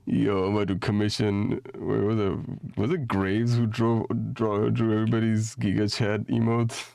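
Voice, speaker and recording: A man's voice: lowish voice, flat delivery, normal speed, creaky, darkish tone, no echo. A young man chatting casually out of character after a tabletop roleplay session, rambling with many fillers and restarts and laughing often. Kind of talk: casual out-of-character chat on a stream.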